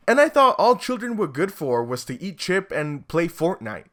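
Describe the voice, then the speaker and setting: A man's voice: on the high side, big pitch swings, measured pace, fairly bright tone. A man giving sarcastic, exasperated comedic commentary as a YouTuber.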